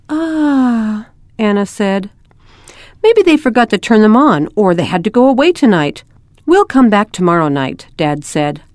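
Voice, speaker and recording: Woman narrator, gentle storybook reading, close and dry, mid-pitched. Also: no echo. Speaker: reader.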